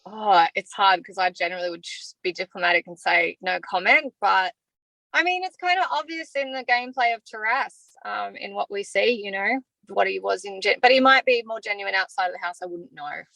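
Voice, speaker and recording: In a low-quality, echo-free recording, an Australian woman evicted from a reality show opens up in an interview, sharing her feelings freely and sincerely. She talks fairly quickly in a mid-range voice that is pushed and bright, with vocal fry.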